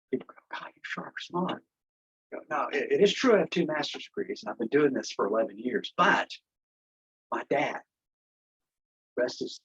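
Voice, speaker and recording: Through a muffled headset in an office, a man gives a casual livestream briefing as an election integrity activist, impassioned and sarcastic. His voice is mid-range and slightly rough.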